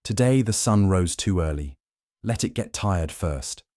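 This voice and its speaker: A man's voice: low voice, animated, a little slow, darkish tone, dry recording, studio quality. A man voicing a lazy, dismissive village husband who grumbles about work. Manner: yawning, dismissive.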